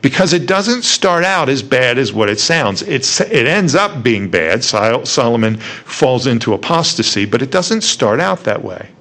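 A man's voice: mid-range voice, big pitch swings, unhurried, hardly any pauses, a bit bright. A male preacher giving a conversational sermon, retelling a story and asking rhetorical questions.

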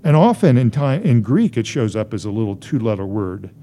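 A man's voice: on the low side, very animated, a little fast, mellow, slight background noise. A man preaching a sermon as a pastor, driving his points home through emphatic, rising repetition.

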